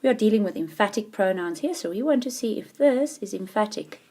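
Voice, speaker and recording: A woman teaching a grammar lesson, explaining patiently with clear, emphatic stresses. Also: mid-range voice, animated, a little fast, a little mellow.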